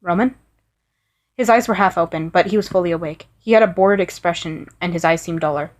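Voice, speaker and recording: A woman's voice: fairly low pitch, fast. A woman reading first-person fan fiction aloud in an earnest way, with small restarts. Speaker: story reader.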